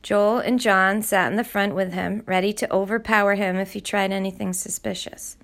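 Woman, audiobook narrator, middle pitch, gravelly fry, measured reading. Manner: steady, measured storytelling. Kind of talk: scripted narration.

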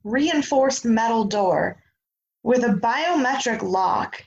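A woman's voice: on the high side, lively intonation, vocal fry, a little mellow, lo-fi sound. Chatty woman recapping a show. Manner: chatty, quick asides, acts out quotes. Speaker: podcast co-host. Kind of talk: casual recap chat.

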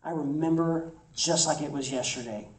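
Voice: medium pitch, normal speed, reverberant, distant mic, rough recording. A campus ministry preacher delivering an emphatic sermon, repeating phrases for effect.

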